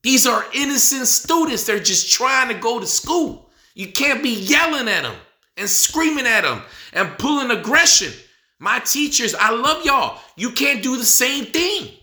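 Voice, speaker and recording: Preaching man, bright, echoey room. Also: very high-pitched, big pitch swings, measured pace. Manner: repetitive, rhetorical questions, rising to near shouting. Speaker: speaker addressing the nation. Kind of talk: impassioned preaching monologue.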